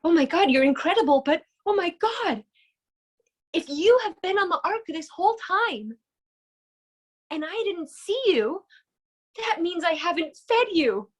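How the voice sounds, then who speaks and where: A woman voicing a panicked adult man, Noah, with high, breathless exclamations. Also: sing-song, a little slow, long pauses, exaggerated voice.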